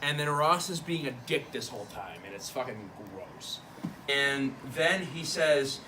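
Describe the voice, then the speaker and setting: A man's voice: mid-range voice, expressive, measured pace, bright, forceful tone, a little hiss or hum. A man drunkenly retelling a play, rambling and profane, acting out each character in turn. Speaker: drunk storyteller.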